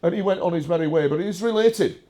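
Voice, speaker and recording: A man's voice: high voice, quick pace, warm tone. A man giving a rambling, emphatic first-person talk with slides, full of restarts and filler sounds. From England. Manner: emphatic and digressive, with frequent uh and restarts. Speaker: speaker presenting a talk with slides.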